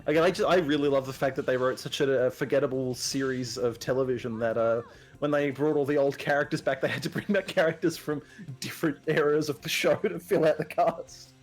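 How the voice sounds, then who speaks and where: A man's voice: mid-range voice, steady tone, brisk, faint music behind. A British man in casual gaming chat, sardonic and swearing freely. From Britain. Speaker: streamer.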